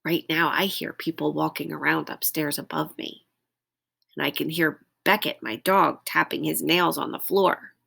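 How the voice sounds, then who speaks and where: A woman's voice: low-pitched, vocal fry. A woman reading a picture book aloud to young children at home, stopping to ask them to copy animal sounds. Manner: slow, expressive, invites listeners to make animal noises. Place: at home, indoors.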